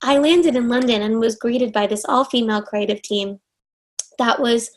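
A woman's voice: a little high, normal speed, poor audio. A woman in her twenties from Los Angeles, an actress telling an interviewer an earnest, effusive story and often restarting her sentences. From Los Angeles, USA. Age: 20s.

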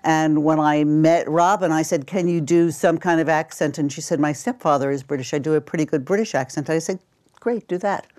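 An older woman who works as a casting director tells anecdotes in an interview, acting out snippets of dialogue as she goes. Her voice is low-pitched with a darkish tone, and she talks fairly quickly.

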